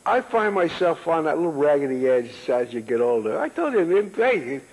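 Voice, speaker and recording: A man in his eighties spins loose, joking stories in a high, gravelly voice that swings widely in pitch. His tone is very husky. The room behind him rings with a long echo. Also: sing-song, moderate pace, a little mellow. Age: 80s. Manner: rambling, joking storyteller who laughs often. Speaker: interview guest, author. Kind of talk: casual chat. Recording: long echoing reverb.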